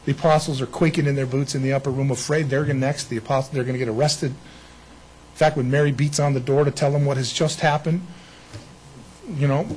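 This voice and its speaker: A man preaching an Easter sermon in a lively way, acting out the people in the story. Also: medium pitch, a little fast, breathy edge, rough recording. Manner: animated, acts out bible figures. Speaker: pastor.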